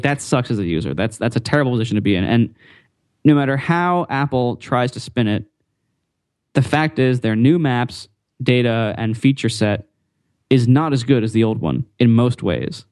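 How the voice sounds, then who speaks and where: A man chats casually on a tech podcast, thinking out loud with lots of ums and repeated words. His voice sits in the middle range and is recorded dry and close. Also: medium pitch, no echo. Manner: rambling, repeats words, frequent fillers.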